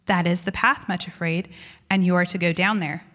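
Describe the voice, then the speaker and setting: A woman reading the part of a calm male shepherd guide, gentle yet firm, speaking softly and steadily. Her voice stays bright and carries a long echo through a large room. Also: mid-range voice, a little slow, close to an everyday voice. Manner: gentle and quiet.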